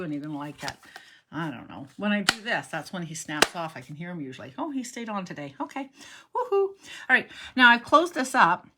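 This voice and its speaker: A woman's voice: lowish voice, noisy background. A middle-aged woman giving a chatty live card-stamping demonstration, rambling and talking to herself as she works. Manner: rambling, self-interrupting, talks to herself while working. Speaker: stamping instructor.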